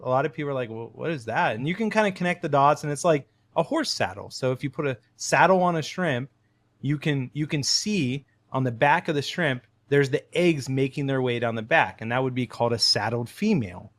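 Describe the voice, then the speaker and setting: A man who is a podcast guest, explaining things in a friendly, casual way with quick asides. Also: a little high, expressive, a bit bright, dry recording. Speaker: podcast guest, shrimp breeder.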